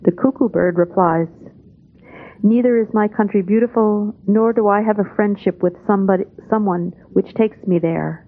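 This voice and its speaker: Woman, spiritual talk translation, calm measured delivery, mid pitch, tinny phone-like old tape.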